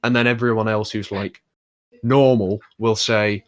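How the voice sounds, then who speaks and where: Young male podcast host, low voice, rambling and wry, dry close sound. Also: fairly even intonation, unhurried, no echo. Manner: rambling, filler-heavy, wry. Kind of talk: casual chat about wrestling.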